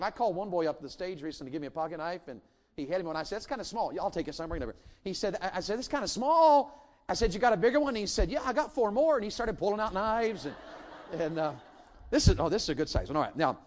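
A middle-aged man preaches a revival sermon with a slightly high voice. He swings between loud, emphatic declarations and hushed, intimate asides. His delivery is animated and full of joking remarks. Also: very fast. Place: church sanctuary.

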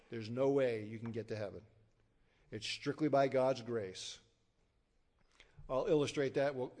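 A man preaches an evangelistic sermon, driving points home with loud emphasis and then dropping to hushed, low endings. His voice sits a little high and he tells stories with vivid voices.

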